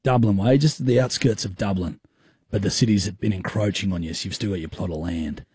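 A man riffs and teases on a radio show, laughing often. His voice is breathy and husky. The sound is close and dry. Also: on the low side, a little fast, darkish tone, no room sound. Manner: teasing, laughing. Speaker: radio host. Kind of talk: casual banter.

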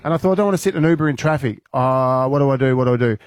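A man's voice: medium pitch, very fast, no echo, studio quality. An Australian man, a radio co-host, telling a story with energy and acting out his own lines in a raised voice.

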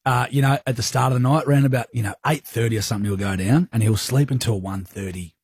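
An Australian man with a husky, breathy voice spins a story in casual banter, acting out each voice as he goes. He sits at a middle pitch. The sound is dry and close, like a small studio. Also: quick pace, dry recording. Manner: animated storyteller who acts out voices and sounds.

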